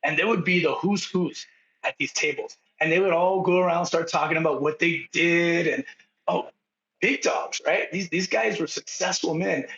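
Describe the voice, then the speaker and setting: An animated man with a fairly high, bright, forceful voice spins lively stories as a podcast guest. The sound is echoey and a little dull, as if recorded in a bare room on lo-fi gear. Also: normal speed, slight background noise. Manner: animated, acts out dialogue. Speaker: podcast guest, painting contractor. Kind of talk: storytelling in casual conversation.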